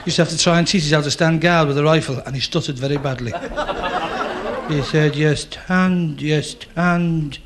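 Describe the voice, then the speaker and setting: Comic with a high voice, banters with the crowd, laughing audience all round. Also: male voice, fast. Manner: chatty, teases the crowd, repeats punchlines. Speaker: stand-up comedian. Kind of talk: stand-up routine. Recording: hissy old club recording with crowd. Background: audience laughter and chatter.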